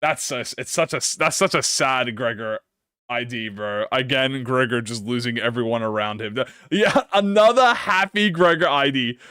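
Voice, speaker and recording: A man hosting a casual gaming reaction, excitable and slangy, swearing and laughing often. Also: mid-range voice, moderate pace, clear, resonant tone, dry recording, studio quality. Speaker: gaming channel host.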